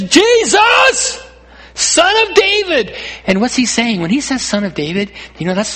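Pastor, male, high husky voice; earnest preacher, repeats himself, swells to emphatic calls. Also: fairly bright tone. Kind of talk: sermon. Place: church.

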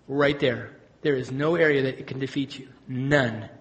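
A man, the pastor, preaching a sermon, moving between hushed, low passages and loud, high-pitched emphasis. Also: steady tone, normal speed.

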